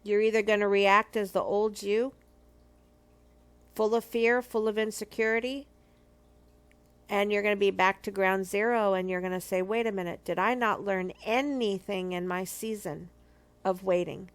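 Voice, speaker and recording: A woman's voice: medium pitch, steady tone, moderate pace, clear, resonant tone. A middle-aged woman from a marriage ministry, giving an earnest, emphatic testimony and repeating key phrases for weight. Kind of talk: personal testimony teaching.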